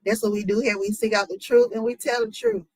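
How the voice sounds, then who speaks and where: A woman's voice: on the high side, sing-song, fairly quick, vocal fry, darkish tone, dry recording, poor audio. A woman hosting her own commentary channel, talking casually to viewers with lots of fillers and asides. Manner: chatty, lots of fillers, addresses viewers as y'all.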